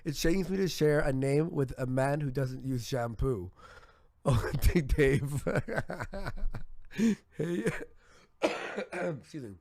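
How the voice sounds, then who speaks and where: A man's voice: a little high, lively intonation, drawn-out words, gravelly, long pauses, darkish tone, dry recording. Male livestream host, casual joker, sore tired throat, dry close mic. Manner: loose, joking, reads donation messages aloud. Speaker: livestream host reading donations.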